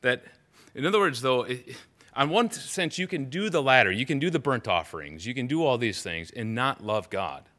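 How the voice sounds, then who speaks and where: A pastor gives a relaxed, conversational sermon, reading scripture and then unpacking it. His voice is bright and forward, and he often restarts his sentences as he thinks aloud. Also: mid-range voice, normal speed.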